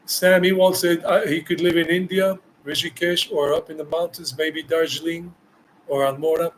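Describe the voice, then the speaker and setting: A man's voice: fairly high pitch, little pitch movement, normal speed, a little hiss or hum, low-quality recording. A man from the United States, a travel vlogger answering viewer questions live, talking emphatically and repeating phrases for stress. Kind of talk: live Q&A chat.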